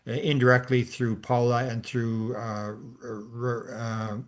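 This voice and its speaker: A man's voice: mid-range voice, level tone, a little slow. Rambling older man telling a story. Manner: rambling, many restarts and fillers. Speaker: podcast host. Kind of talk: casual storytelling chat.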